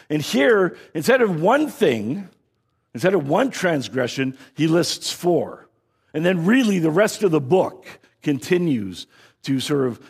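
Husky man giving a casual lecture. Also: a little high, darkish tone. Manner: conversational, checks in with listeners with "right?"; frequent restarts and repeated words. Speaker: Bible teacher.

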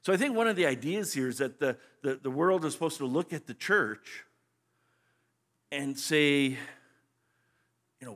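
A man's voice: fairly high pitch, lively intonation, measured pace, pauses often, a bit bright. A man teaching scripture as a pastor in a conversational, explanatory way, often restarting his phrases. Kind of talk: sermon teaching.

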